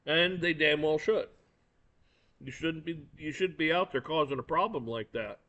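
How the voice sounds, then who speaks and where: A man's voice, on the high side, bright and forceful, moves at normal speed as he rants his opinions. The commentator curses bluntly, sounds angry and repeats words, all on a dull lo-fi recording.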